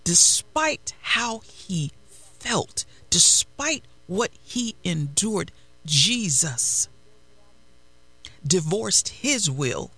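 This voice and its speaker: A man preaching a sermon, slow and emphatic, repeating phrases and adding prayerful asides. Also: high-pitched, pushed and bright, husky. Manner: prayerful asides while searching the text.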